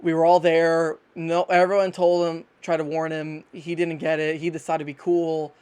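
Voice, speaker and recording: A woman voicing a weary male companion who explains things in a low, exasperated tone. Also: level tone, normal speed, darkish tone, clear, resonant tone, lightly acted. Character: weary man explaining a friend's knife marriage.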